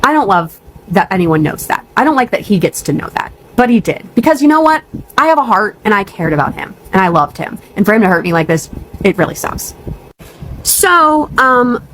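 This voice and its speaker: A woman's voice: on the high side, animated, moderate pace, a bit bright, a little hiss or hum, poor audio. A young woman telling a storytime vlog, ranting and upset, blunt and profane, on the verge of tears. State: near tears.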